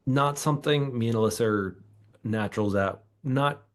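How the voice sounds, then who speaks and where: A man hosting a casual interview, asking a question haltingly and restarting his sentences. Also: medium pitch. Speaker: podcast host.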